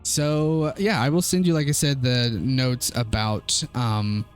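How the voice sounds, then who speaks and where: A man's voice: mid-range voice, steady tone, slow, faint music behind. Easygoing male game master. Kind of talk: narrating a tabletop game session.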